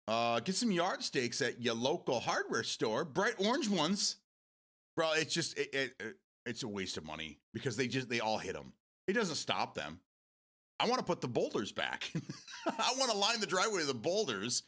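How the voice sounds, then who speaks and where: Lively, bright-voiced man rambling. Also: mid-range voice, moderate pace. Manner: rambling, swears freely, goes off on tangents. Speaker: livestream host. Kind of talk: casual chat with viewers.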